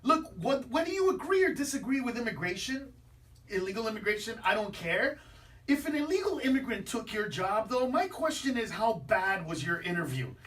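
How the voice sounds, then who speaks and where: Loud brash comedian guy ranting jokes on the radio, sounds a little off-mic. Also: high-pitched, sing-song, fairly quick, recorded from a distance. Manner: brash, ranting punchlines, bursts of shouting. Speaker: comedian guest. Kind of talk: stand-up style radio chat. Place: radio studio.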